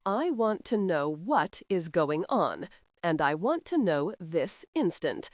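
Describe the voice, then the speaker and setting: A woman's voice: lowish voice, sing-song, unhurried, no echo, clean studio sound. Woman reading as a mocking, drawling young earl. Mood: imperious. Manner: loathsome sarcastic drawl. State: injured, sore ribs.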